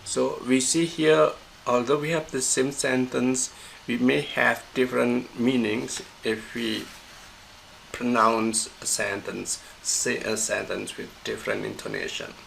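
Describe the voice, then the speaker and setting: A man lectures on pronunciation in a patient, methodical way, circling back over his examples and fixing his own slips. His voice is strongly gravelly and full of fry, sitting at an ordinary middle pitch. A faint hum of noise runs under the recording. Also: level tone, a bit bright, rough recording. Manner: slow, methodical explaining with repeated examples and self-corrections. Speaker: university lecturer.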